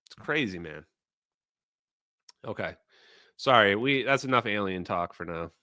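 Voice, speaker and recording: A man's voice: medium pitch, normal speed, pushed and bright, dry recording, studio quality. A man hosting a livestream, ranting in an exasperated, sarcastic way and talking straight to his chat. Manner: addresses the chat directly. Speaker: livestream host. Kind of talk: casual livestream rant.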